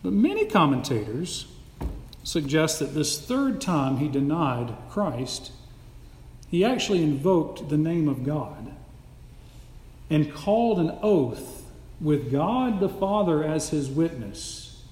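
A man preaching an emphatic, animated sermon as a pastor, recorded in a church sanctuary. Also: fairly high pitch, slow pace. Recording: echoey hall with long reverb.

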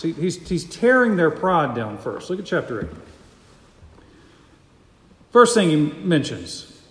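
Emphatic male preacher in an echoey hall. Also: a little high. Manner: emphatic, repeats key phrases. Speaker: pastor. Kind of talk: sermon.

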